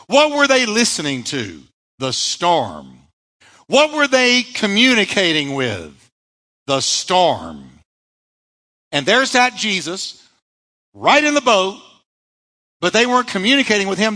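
A man's voice: sits high, sharp tone, in a large hall, low-quality recording. A male pastor preaching a sermon, emphatic, asking rhetorical questions and answering them himself.

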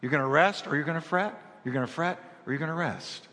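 In a reverberant hall, a pastor preaches a sermon as an animated storyteller, repeating phrases for emphasis. His voice is a little high and he speaks fast.

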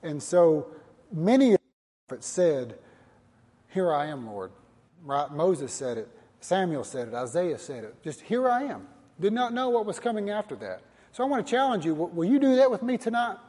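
A man's voice: a little high, very animated, normal speed, dark tone, breathy edge. Earnest male pastor in a reverberant hall. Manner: earnest, repetitive preaching with direct challenges to listeners. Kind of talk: sermon.

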